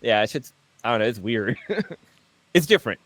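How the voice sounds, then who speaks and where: A man co-hosting a podcast in casual chat, animated, laughing as he talks and swearing offhand. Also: medium pitch, moderate pace, dry recording. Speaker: podcast co-host.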